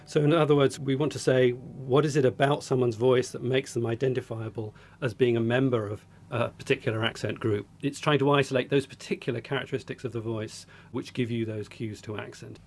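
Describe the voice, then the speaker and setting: A man, a speech technology researcher, explaining his work in a measured interview. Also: mid-range voice, darkish tone, slight background noise.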